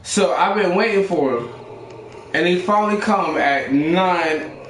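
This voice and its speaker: A man's voice: high-pitched, a little slow, fairly bright tone, echoey room, slight background noise. A young man telling a rambling, profane story to friends in a casual chat, acting out the quotes.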